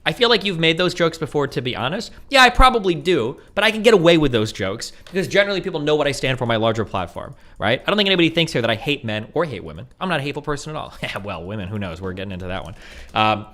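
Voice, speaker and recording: Male reaction host; fast, argumentative, mocking delivery. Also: medium pitch. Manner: animated, sarcastic and argumentative, with mocking asides. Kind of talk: commentary reacting to a video.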